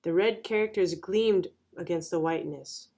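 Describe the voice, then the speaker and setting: A woman reading a children's picture book aloud in a clear, even narration. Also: lowish voice, moderate pace. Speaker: storyteller.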